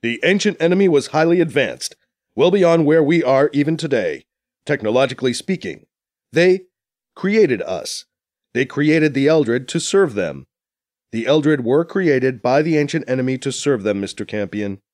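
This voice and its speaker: A man's voice: mid-range voice, lively intonation, a little mellow, no room sound, clean studio sound, close to an everyday voice. A man voicing a proud, formal alien captain. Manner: formal, measured, dignified.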